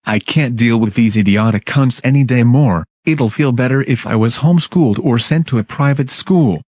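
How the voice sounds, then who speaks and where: A man tells a storytime in an irritable, blunt rant, with profanity in nearly every line. His voice sits at an ordinary middle pitch. The sound is dry and close, with no room echo. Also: a little mellow, muffled recording. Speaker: storytime narrator. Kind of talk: ranting storytime narration.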